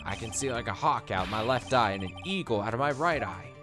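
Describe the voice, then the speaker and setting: A man's voice: medium pitch, lively intonation, brisk, close to an everyday voice. A man voicing a cocky male circus clown witness in a let's play, talking in a boastful, flippant way, with game music behind. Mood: smug.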